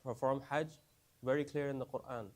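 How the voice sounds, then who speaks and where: Brisk and level in tone, this man's mid-range, darkish voice leads a casual class for new Muslims. He tends to repeat phrases and keeps questioning the students, with frequent "right?" and "you understand?".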